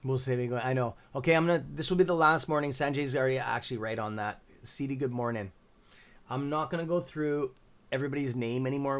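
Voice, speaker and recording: A tired man with a Canadian accent hosting a live stock-trading stream, rambling with many fillers as he reads out chat names. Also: mid-range voice. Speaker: livestream stock trading host. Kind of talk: casual live-stream commentary.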